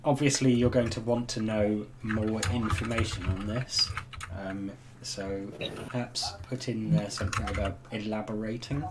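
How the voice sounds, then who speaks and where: A man's voice: fairly low pitch, fairly even intonation, normal speed. A man running a tabletop game as game master, hesitant and full of ums. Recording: noisy home recording.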